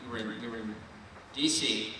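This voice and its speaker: A man's voice: fairly low pitch, fairly even intonation, moderate pace, sharp tone, slight background noise. A man from Ohio giving a folksy, rousing keynote speech at a political dinner in a large banquet hall. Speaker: keynote speaker. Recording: echoey hall, mic heard from far.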